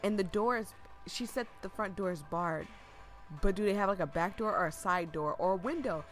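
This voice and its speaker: A woman's voice: mid-range voice, normal speed, faint music behind. Chatty woman reading a horror game aloud. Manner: excitable, chatty asides between read lines. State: losing her voice. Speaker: gaming streamer. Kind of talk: reading a visual novel aloud with live reactions.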